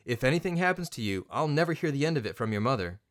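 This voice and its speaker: A man voicing a gruff, weathered middle-aged father who speaks in brusque, terse lines. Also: mid-range voice, very animated, fast talker, close to an everyday voice. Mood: wry.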